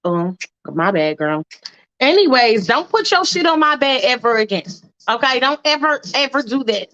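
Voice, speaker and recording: A high, sassy voice: a woman playing a brash young roommate, bossy and blunt, full of slang. The story is told in an offhand, storytime way. The recording sounds dull and lo-fi. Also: sing-song, moderate pace, fairly bright tone.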